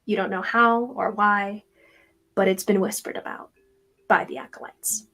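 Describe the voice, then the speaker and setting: A woman narrating a tabletop role-playing game as game master, explaining in a relaxed way with fillers. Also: mid-range voice, normal speed.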